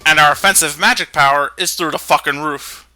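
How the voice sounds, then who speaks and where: Bright-voiced joking man over music. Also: fairly high pitch, brisk. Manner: joking, profane, explains game mechanics. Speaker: let's play commentator. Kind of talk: casual game commentary.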